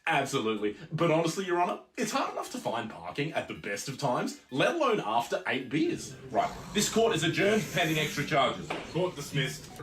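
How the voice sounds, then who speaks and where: Man acting Australian lawyer, comedy skit, animated pitch, echoey room. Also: a little fast, hardly any pauses, slight background noise. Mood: blunt. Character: bumbling male lawyer who keeps turning on his own client.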